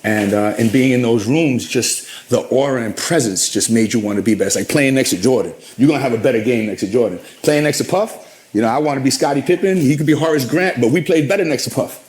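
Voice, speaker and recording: A man's voice: medium pitch, fast, darkish tone. A middle-aged man recounting his career in an interview, with a mid-range voice. He tells stories with animation and acts out the quotes. A faint hiss of noise sits under the recording. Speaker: interview guest. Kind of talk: storytelling interview.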